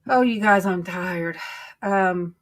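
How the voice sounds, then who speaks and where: Slow, rambling woman. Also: lowish voice. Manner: rambling, homey, drawn-out storytelling. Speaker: livestream host. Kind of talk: casual chat to viewers.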